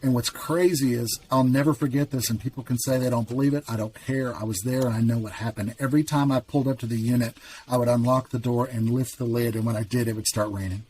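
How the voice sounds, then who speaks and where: A man's voice: medium pitch, fairly even intonation, quick pace, a little mellow, slight background noise. Earnest man telling a heartfelt story. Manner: earnest and emphatic, chuckles while telling. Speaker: podcast guest. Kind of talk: heartfelt personal storytelling in conversation.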